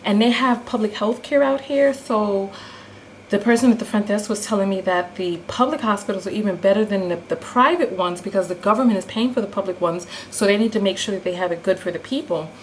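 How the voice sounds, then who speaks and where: A woman telling a story in a casual vlog, animated and full of acted-out quotes. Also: medium pitch, a little fast, a little hiss or hum, poor audio. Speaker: vlogger.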